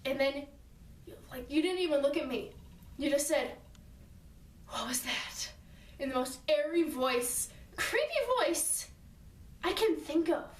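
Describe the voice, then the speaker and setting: Woman, high voice, casual rambling storytelling, chatty asides, distant mic, echoey room. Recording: roomy sound from away from the mic.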